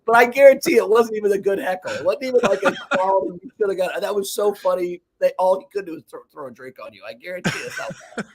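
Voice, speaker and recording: Higher-voiced man telling sports stories. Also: quick pace, slightly rough. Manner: animated storyteller, swears casually. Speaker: podcast co-host. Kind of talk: casual sports chat.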